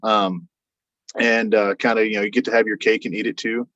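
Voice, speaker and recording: A man's voice: a little fast, no room sound. A man telling a long anecdote as a guest, in a casual, rambling way, acting out what others said. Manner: rambling, animated retelling with quoted voices and frequent fillers. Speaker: podcast guest. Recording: dull, dry low-fidelity sound.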